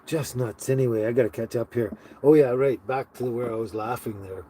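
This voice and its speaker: A man's voice: medium pitch, a little fast, mellow, slight background noise, low-quality recording. A man hosting a casual live stream from his tiny house. He rambles, stops and restarts often, and uses many fillers. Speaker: livestream host.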